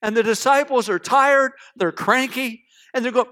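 A man preaching a sermon, telling a story with dramatic swings between loud passages and hushed ones, acting out the voices. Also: very high-pitched, normal speed. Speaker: pastor.

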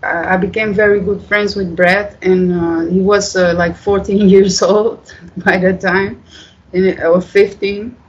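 A guest from the Netherlands, telling stories in a casual, halting way, full of fillers and swearing. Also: medium pitch, flat delivery, dull audio. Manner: rambling, halting, many fillers, swears freely. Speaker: interview guest. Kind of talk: casual storytelling.

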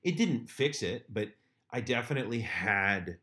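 Low-voiced man, crude candid podcast chat. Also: expressive, moderate pace, bright, forceful tone. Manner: crude joking, candid confessional. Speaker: podcast co-host. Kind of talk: casual chat.

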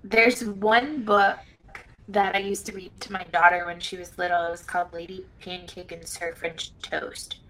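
Woman, middle-aged, podcast guest, brash and giggly, sharp bright tone. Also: fairly low pitch, little pitch movement, moderate pace, slight background noise, poor audio. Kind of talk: casual chat.

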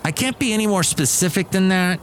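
A man chats loosely on his own podcast, rambling and joking at his own expense. His voice sits a bit high for a man, with faint noise behind it. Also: animated, fairly quick. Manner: rambling, self-mocking, jokey. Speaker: podcast host. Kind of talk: casual solo podcast chat.

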